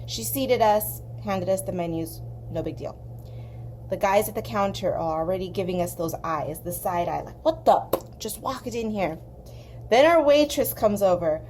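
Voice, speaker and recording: A young woman from southern California, hosting an art channel, telling a long story in a chatty, animated way while she colors. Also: mid-range voice, normal speed, a little hiss or hum. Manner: chatty, animated, acts out quoted voices.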